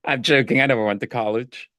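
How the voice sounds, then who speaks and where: A man trading jokes on a comedy panel, playful and quick to laugh. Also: medium pitch, a bit bright. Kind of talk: joking banter.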